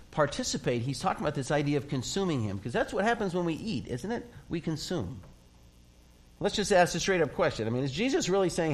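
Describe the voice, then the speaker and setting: A man preaching a sermon as a pastor, in a conversational way, acting out quoted voices and often laughing. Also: fairly high pitch.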